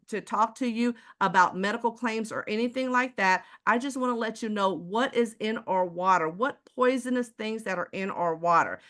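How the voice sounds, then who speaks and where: A woman's voice: mid-range voice, a bit bright. Emphatic Texan woman presenting live. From Houston, Texas. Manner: emphatic, rhetorical questions, addresses audience directly. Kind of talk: live online sales presentation.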